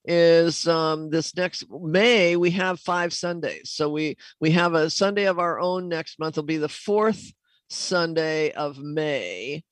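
A woman's voice: low-pitched, slow pace, no room sound. A middle-aged woman hosting a talk show about communicating with animals, telling a long story with many fillers and restarts.

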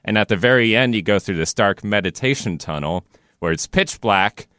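A man in a casual chat who explains things in a steady, detailed way. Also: on the low side, moderate pace, no room sound, studio quality. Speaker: guest.

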